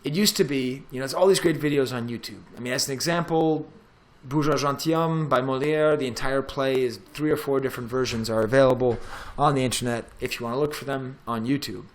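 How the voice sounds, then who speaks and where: A middle-aged man, a professor, walking through a software tutorial in a casual, chatty way as he clicks through the steps. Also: medium pitch, steady tone, brisk, hardly any pauses, a little hiss or hum. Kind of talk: screen-recorded tech tutorial.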